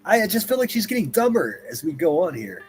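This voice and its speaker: Animated, profane man mocking a clip on a livestream. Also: high-pitched, quick pace, soft background music. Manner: profane, mocking, swings between loud outbursts and muttering. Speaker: livestream commentator. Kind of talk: reacting to clips on a livestream.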